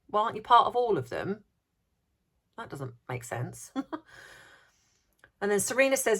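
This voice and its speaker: A woman's voice: mid-range voice, sing-song, unhurried, pauses often, fairly bright tone, slightly rough. Indignant sarcastic woman vlogger. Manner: indignant, sarcastic, rhetorical questions; repeats words for emphasis. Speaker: commentary vlogger. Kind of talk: opinionated commentary.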